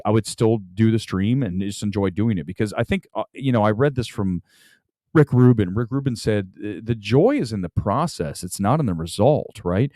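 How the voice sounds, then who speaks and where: A man's voice: medium pitch, warm tone, no echo, studio quality. A man hosting a casual livestream as a movie critic, ranting bluntly and combatively, often repeating himself for emphasis.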